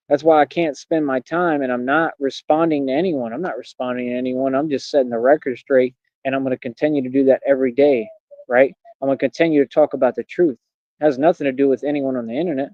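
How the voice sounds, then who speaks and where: A man rants on his livestream, boastful, defiant and mocking. His voice sits fairly high yet sounds mellow and warm. The audio is dry and lo-fi. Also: dry recording. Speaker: livestream host. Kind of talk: unscripted ranting monologue.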